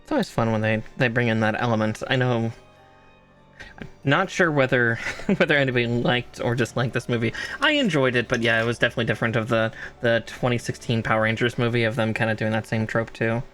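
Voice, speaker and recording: A man chatting casually as a co-host on a stream, agreeable and quick to laugh. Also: mid-range voice, fairly bright tone, soft background music. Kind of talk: casual chat.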